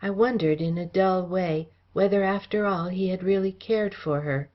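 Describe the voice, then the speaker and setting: A woman reading a classic adventure novel aloud as an audiobook, in a steady, formal storytelling manner. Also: fairly low pitch, normal speed, dull audio. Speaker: audiobook reader. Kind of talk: scripted narration of a classic novel.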